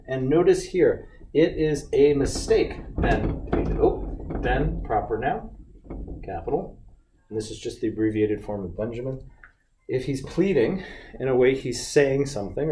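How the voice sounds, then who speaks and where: A man teaching an English grammar lesson, patient and methodical, who often stops to fix his own small slips. His voice is mellow and sits at an ordinary pitch. The recording sounds roomy, with a faint hiss underneath. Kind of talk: explaining grammar corrections. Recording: echoey room with faint background noise.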